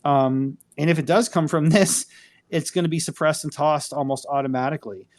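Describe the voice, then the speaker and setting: A man's voice: on the high side, fairly quick, darkish tone. A man hosting a casual live chat, an attorney who rambles, curses freely and fills his talk with fillers. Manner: rambling, profane, many fillers. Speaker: host.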